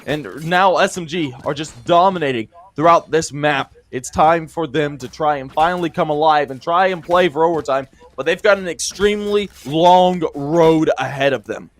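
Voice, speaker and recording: A man with a high voice calls an esports match live. He is emotional and breaks into frustrated shouts at the players' mistakes. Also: moderate pace, few pauses. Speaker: esports caster. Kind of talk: live play-by-play commentary.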